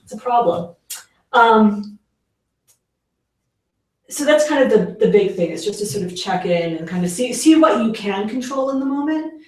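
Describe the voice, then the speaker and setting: Slightly high and animated, this woman speaks at normal speed with long pauses while giving parents an informal workshop talk as a parenting educator. Filler-heavy and chatty, she acts out quoted lines; the far-off mic catches a very echoey room.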